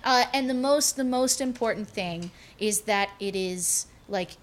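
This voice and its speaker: A woman's voice: medium pitch, a little slow, slight background noise. A woman acting as game master, describing scenes in a casual way with plenty of fillers.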